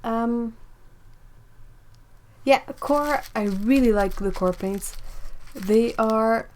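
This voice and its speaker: A woman hosting a live-streamed art supply unboxing, excitable and chatty, talking to her viewers as she goes. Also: on the high side, drawn-out words. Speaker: art channel host.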